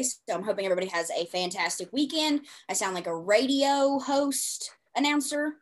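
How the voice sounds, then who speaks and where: A woman's voice: a little high, lively intonation, normal speed, hardly any pauses. A woman co-hosting a book podcast, chatting casually and bubbly with plenty of fillers. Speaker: podcast co-host and author. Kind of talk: casual chat.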